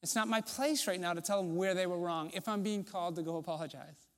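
High-voiced pastor preaching in a reverberant hall. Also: male voice, fairly even intonation, fast talker. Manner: conversational preaching, rhetorical questions, drops to soft low tones. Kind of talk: sermon.

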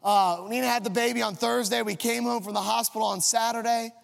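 A man's voice: extremely high pitch, steady tone, a little fast, creaky. A man in his thirties preaching a sermon, telling a comic, self-mocking story about his own family. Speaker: pastor. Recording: long reverb of a large hall.

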